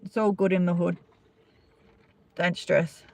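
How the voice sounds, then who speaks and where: Unhurried chatty Australian woman. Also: fairly low pitch, little pitch movement, vocal fry, no echo. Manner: chatty, gossipy, answers viewers' comments by name. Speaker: vlogger chatting with live viewers. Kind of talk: casual live-stream chat.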